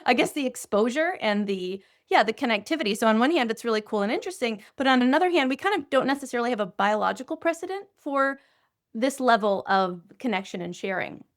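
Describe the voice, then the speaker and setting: A woman speaking as a doctor guest on a podcast, telling a story in an animated, conversational way with frequent filler phrases. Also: a little high, quick pace. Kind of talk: conversational interview.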